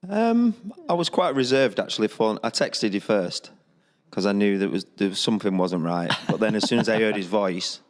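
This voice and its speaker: Lower-voiced man joking dryly as guest. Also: animated, moderate pace, long reverb tail. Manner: dry, joking. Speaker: guest, former footballer. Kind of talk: casual chat.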